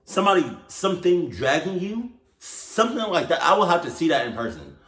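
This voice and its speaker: A man's voice: a little high, very animated, a little fast, fairly bright tone. A man hosting a reaction video, talking casually with slang and swearing as he blurts out reactions. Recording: roomy echo.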